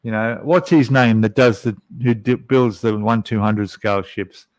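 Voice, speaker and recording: A man's voice: fairly low pitch, fairly even intonation, moderate pace. A middle-aged man hosting a casual live stream, chatting in a rambling way and reading out viewer comments with many fillers. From Australia.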